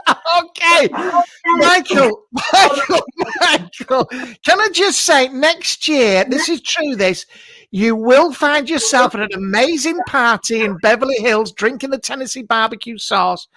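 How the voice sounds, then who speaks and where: This is a full character voice from a man, pitched extremely high and delivered a little slowly with no room sound. He plays a middle-aged TV psychic, camp and brash, rude and blunt, hosting live from his garage at home; he shouts greetings and hams up the mystic act in an improvised comic live stream.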